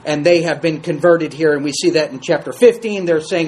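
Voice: mid-range voice, fairly quick, few pauses, darkish tone, a little hiss or hum, rough recording. Conversational Bible study teacher. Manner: conversational, asks the class questions. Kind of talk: Bible class teaching, reading scripture aloud and commenting. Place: group class room.

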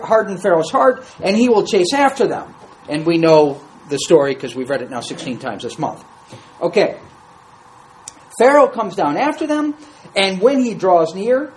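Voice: medium pitch, darkish tone, a little hiss or hum, poor audio. A Bible study teacher reading scripture aloud to a class and commenting on it in a conversational way, asking the group questions.

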